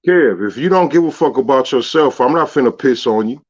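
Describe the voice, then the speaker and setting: A man's voice: medium pitch, lively intonation, brisk, a little mellow. Slangy, emphatic male co-host, lo-fi. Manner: laid-back slangy talk, emphatic. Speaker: radio co-host. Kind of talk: casual call-in radio talk.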